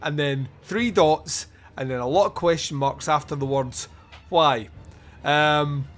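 A man hosting a podcast, reviewing a film in casual chat, animated, swearing freely and laughing often. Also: a little high, unhurried. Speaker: podcast host.

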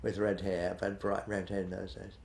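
A man's voice: deep voice, level tone, fairly quick, creaky, darkish tone, echoey room, slight background noise. A man in his eighties, a retired television director, reminiscing in an interview in a rambling, hesitant way, full of fillers and restarts. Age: 80s.

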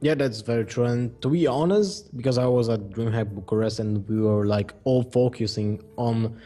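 A man's voice: mid-range voice, moderate pace, mellow, soft background music. A man co-casting an esports match in easygoing chat, agreeing a lot and laughing often. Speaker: esports co-caster. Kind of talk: casual pre-match commentary.

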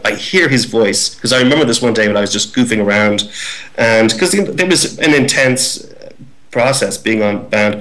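A middle-aged male actor in a casual interview, telling behind-the-scenes stories in a lively way. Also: lowish voice, low-quality recording. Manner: lively storyteller, acts out voices. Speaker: actor guest.

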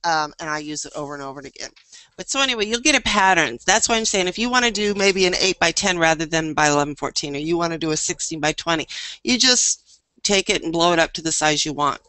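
A woman's voice: low voice, animated, quick pace, sharp tone, no room sound. Chatty woman teaching a painting class. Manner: chatty, thinking aloud. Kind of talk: live online painting demo.

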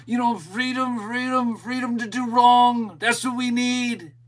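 A man's voice: extremely high pitch, fairly even intonation, measured pace, heavy background noise, voice pushed up. A man voicing a whiny, sarcastic caricature of a fretful opponent in a sing-song, exaggerated way. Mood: mocking.

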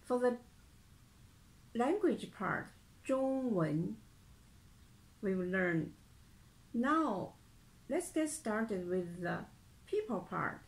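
Woman teacher going really slow, says each phrase twice, patient beginner lesson. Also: medium pitch, expressive, rough recording. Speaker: Mandarin teacher.

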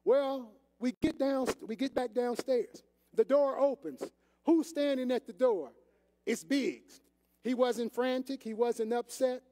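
A man's voice: extremely high pitch, steady tone, slow pace, dark tone. An older man, an assistant pastor, preaching a sermon in a folksy, conversational way and talking straight to the congregation. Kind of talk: sermon with storytelling. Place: church sanctuary. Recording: echoey church hall.

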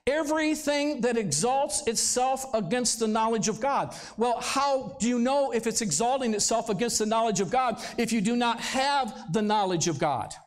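A man's voice: very high-pitched, lively intonation, normal speed, few pauses. A male pastor preaching a sermon in a church service, talking conversationally and throwing rhetorical questions at the congregation. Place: church sanctuary, live service.

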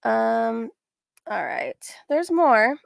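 A woman's voice: a little high, very animated, drawn-out words, creaky, no echo, clean studio sound. A woman hosting a casual reaction stream, reading messages aloud with sarcastic asides. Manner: sarcastic, reads chat messages aloud with frequent laughs.

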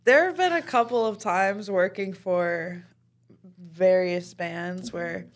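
A woman's voice: lowish voice, takes it slowly. A woman who works as a concert photographer, chatting casually and dryly as a podcast guest. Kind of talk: casual chat.

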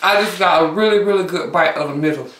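A woman mukbang host with a lowish, fairly bright voice talks quickly, chatting and humming over her food between bites on a casual eating show. The room is echoey, and she's a bit far from the mic.

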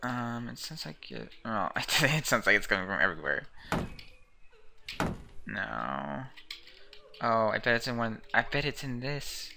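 A man giving quiet, casual commentary as he plays a game, mumbling to himself. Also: mid-range voice, sing-song, measured pace, creaky, pauses often, slight background noise. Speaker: let's play gamer.

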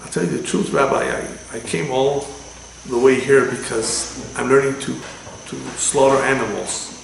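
A man voicing an annoying young man who complains loudly on a train, in a gravelly voice in an echoey room. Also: mid-range voice, normal speed, a little hiss or hum. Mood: earnest. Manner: demanding, yelling, then pleading.

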